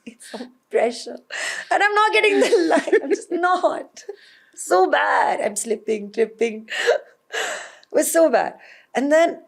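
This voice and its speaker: An Indian woman, an actor, being interviewed and telling stories in an animated way with frequent laughter. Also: on the high side. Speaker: guest, actor. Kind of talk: conversational interview.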